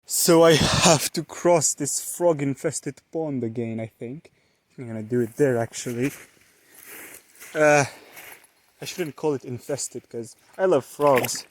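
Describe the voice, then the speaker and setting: A man's voice: mid-range voice, a little slow, slight background noise. A young man with an Eastern European accent vlogging outdoors in woods by a pond, rambling and letting out playful exclamations and yelps while filming on a handheld camera. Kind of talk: casual outdoor vlog narration.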